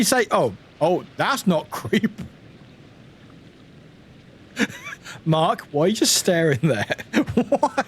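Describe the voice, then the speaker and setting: A young British man streaming a video game, chatting casually with lively outbursts, jokes and laughter. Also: high-pitched, takes it slowly, pauses often. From United Kingdom. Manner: animated, laughing, swearing, chatty. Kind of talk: casual gameplay commentary.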